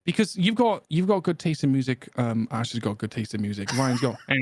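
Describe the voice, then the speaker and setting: A man's voice: mid-range voice, big pitch swings, fairly quick, no echo, clean studio sound. A man co-hosting a casual gaming podcast, joking and swearing between laughs. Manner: joking, profane, laughs often. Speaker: podcast co-host. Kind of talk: casual banter among friends.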